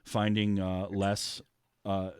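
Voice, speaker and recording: A man with a fairly low voice hosts a relaxed film podcast. He rambles through his thoughts with frequent fillers and restarts. The sound is dry and close. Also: slow, smooth, dry recording. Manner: chatty, many fillers and restarts. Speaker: podcast host. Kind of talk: casual film discussion.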